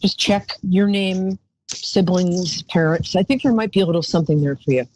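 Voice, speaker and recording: A woman's voice: lowish voice, moderate pace, darkish tone, a little hiss or hum, low-quality recording. A woman hosting a live call-in psychic show, chatty and rambling, calling her callers darling.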